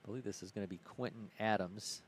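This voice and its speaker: A man's voice: lowish voice, quick pace, a little hiss or hum. A man from Ohio calling a live baseball game play-by-play in an easygoing way, correcting himself as he goes. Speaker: play-by-play commentator.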